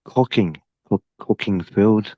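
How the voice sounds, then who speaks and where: A man's voice: fairly low pitch, takes it slowly, no room sound. A man co-hosting a casual chat, rambling and laughing between his words. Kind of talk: casual banter. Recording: dull, muffled sound.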